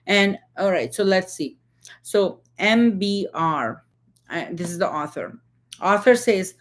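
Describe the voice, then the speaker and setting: A woman's voice: medium pitch, animated, takes it slowly. A young adult woman reading passages from a book and explaining them, often checking in with tag questions. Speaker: book discussion host.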